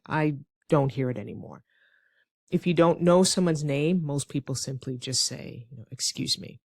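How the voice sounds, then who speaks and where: An American woman teaching English phrases in an online lesson, lively and with playful acted-out examples. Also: sits low, no room sound, clean studio sound.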